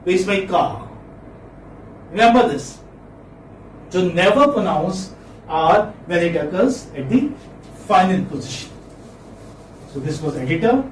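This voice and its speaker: A man teaching English phonetics in a classroom lecture, saying words again and again and quizzing his students. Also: high voice. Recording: echoey classroom, distant mic, faint noise.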